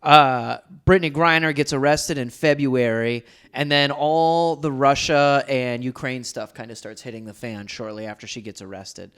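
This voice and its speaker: A man's voice: medium pitch, steady tone, normal speed, few pauses, fairly bright tone, smooth. A young man hosting a casual podcast, telling stories in a loose, joking way with frequent ums and uhs. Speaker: podcast host.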